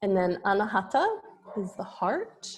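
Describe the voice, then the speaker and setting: Slow, patient woman yoga teacher. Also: mid-range voice, sing-song. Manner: slow, patient explaining with small restarts. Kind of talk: online lesson on terminology.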